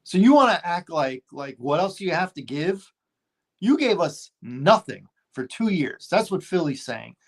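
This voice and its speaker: A man's voice: fairly high pitch, very animated, normal speed. A man co-hosting a casual sports talk show, emphatic and exasperated, firing off rhetorical questions.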